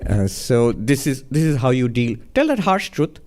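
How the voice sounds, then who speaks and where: A man, a monk, giving a spiritual talk in a gentle, reflective storytelling manner, often chuckling. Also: medium pitch, big pitch swings, moderate pace.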